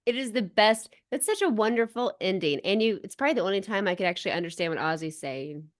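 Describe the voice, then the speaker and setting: A woman's voice: mid-range voice, expressive, fast. A woman guest on a movie podcast, talking enthusiastically and laughing often. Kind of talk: casual movie chat.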